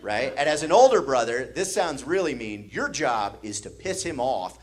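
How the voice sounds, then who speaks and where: A man's voice: medium pitch, very animated, moderate pace. A man from the American Midwest doing stand-up comedy, telling a story with laughter and sound effects on a comedy stage.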